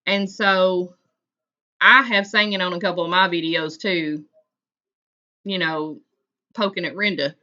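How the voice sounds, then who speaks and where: A woman's voice: fairly low pitch, fairly even intonation, unhurried, long pauses, pushed and bright, muffled recording. A woman, hosting a casual livestream chat and greeting viewers by name in a folksy way. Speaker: livestream host.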